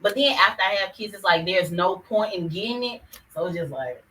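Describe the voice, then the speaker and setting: A woman's voice: mid-range voice, expressive, fairly quick, recorded from a distance, noisy background. A woman co-hosting a podcast in casual chat who breaks into laughter often. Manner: giggly, laughs often while talking. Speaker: podcast co-host.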